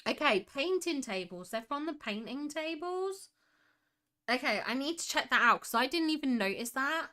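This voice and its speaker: A woman's voice: high voice, animated, moderate pace, pushed and bright. A young woman hosting a casual livestream, reading chat and gushing over screenshots with frequent giggles. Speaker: livestream host.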